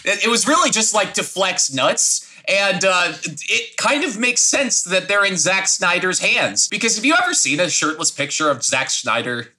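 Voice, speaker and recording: A man on a casual film podcast, nerdy and excitable about technical details. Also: high-pitched, normal speed, few pauses. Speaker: podcast co-host.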